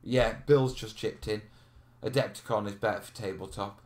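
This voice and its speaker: A man's voice: on the low side, normal speed, darkish tone. A man hosting a live question stream, chatting casually, laughing and reading out viewer comments. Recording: roomy echo.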